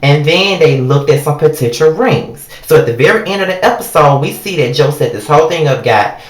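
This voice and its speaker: A woman's voice: low-pitched, lively intonation, fairly quick. A woman reviewing a reality show in a casual, blunt, heavily profane rant, talking straight at the people in it. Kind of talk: casual ranting recap. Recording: echoey room.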